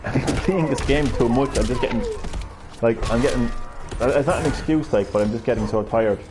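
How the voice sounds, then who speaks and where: A man's voice: medium pitch, fairly quick. A man live-streaming a fighting game, chatting casually, rambling and swearing freely as he plays. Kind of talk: casual gameplay commentary.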